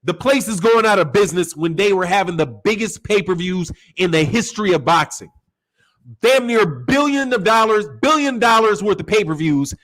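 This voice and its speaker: Man, high voice, animated boxing commentary, swears, acts out quotes. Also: moderate pace, low-quality recording. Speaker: boxing channel host. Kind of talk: casual opinion commentary.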